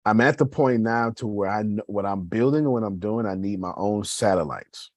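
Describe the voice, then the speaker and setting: At a moderate pace, a man with a low, darkish voice and no room sound gives a casual motivational talk about his business. He rambles through his points with restarts, conversational and aimed straight at listeners he calls y'all.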